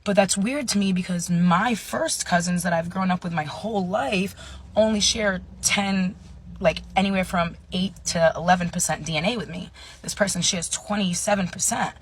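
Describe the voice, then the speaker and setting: Woman in her 30s, husky, chatty storytime with hushed asides. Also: lowish voice, moderate pace. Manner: chatty, full of fillers, drops to hushed asides. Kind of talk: casual storytime monologue.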